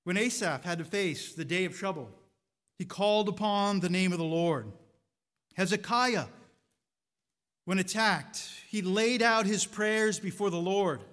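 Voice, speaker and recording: A man pastor preaching a sermon, asking rhetorical questions with rising fervor and then dropping to a quiet, reflective tone. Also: high voice, a little slow. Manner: drops to a quiet, reflective tone at times.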